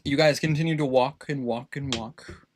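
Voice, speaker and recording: A man running a tabletop game as game master, narrating the scene in an animated way. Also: mid-range voice, moderate pace. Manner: animated, lively narration with put-on townsfolk voices.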